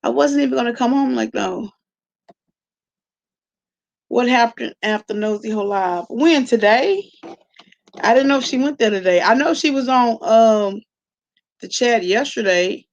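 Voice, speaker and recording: Blunt and sassy, a woman addresses her live chat directly in casual stream commentary. Her fairly high voice is creaky and unhurried with long pauses, and the audio sounds dull.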